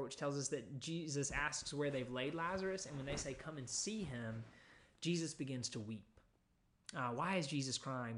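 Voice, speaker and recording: A man at a mid-range pitch delivers a sermon in an easygoing teaching manner. He explains scripture verse by verse, pausing often with small fillers as he thinks aloud. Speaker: pastor.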